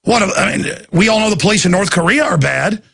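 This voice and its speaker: A man's voice: sits high, lively intonation, fast, vocal fry, fairly bright tone, husky. A man hosting a talk show, commenting over a video clip in a mocking, heated way. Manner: mocking, puts on drawling voices, laughs.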